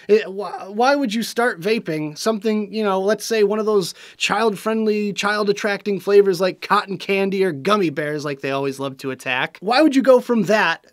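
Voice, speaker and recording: Frustrated, ranting high-voiced man. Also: animated, moderate pace, no echo, studio quality. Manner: frustrated, ranting, sarcastic about news coverage. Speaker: vape show host. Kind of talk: casual video commentary.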